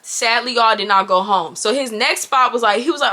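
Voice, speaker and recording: A woman in her twenties telling a casual storytime to her viewers, animated and chatty, talking straight to the audience. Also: fairly high pitch, a little fast. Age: 20s. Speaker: YouTuber.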